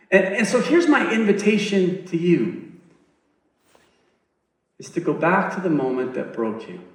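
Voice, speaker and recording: A man with a fairly high voice gives an earnest inspirational stage talk, swelling to emphatic peaks. He sounds distant, picked up from the audience in a big, very echoey hall. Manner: earnest, building to emphatic peaks and soft endings. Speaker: TEDx speaker. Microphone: recorded from the audience on a phone.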